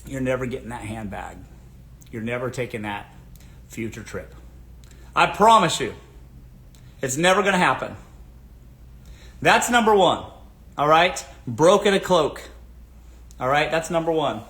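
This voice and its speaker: A man's voice: medium pitch, animated, unhurried, pauses often, fairly bright tone. A man hosting a casual advice livestream, speaking emphatically and repeating his catchphrases. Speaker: show host. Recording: roomy echo.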